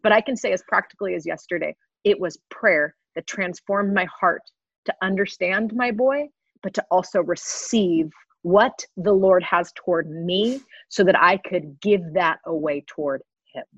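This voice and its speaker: A woman's voice: fairly low pitch, normal speed, a bit bright, breathy edge, dry recording. A woman in her thirties, a guest sharing an earnest personal testimony with frequent laughs. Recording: slightly dull lo-fi recording.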